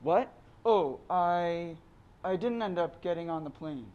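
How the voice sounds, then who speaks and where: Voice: medium pitch, animated, slow pace, muffled recording. A reader voicing a shaken father who hesitantly delivers bad news over the phone, read aloud from a memoir. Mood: grave.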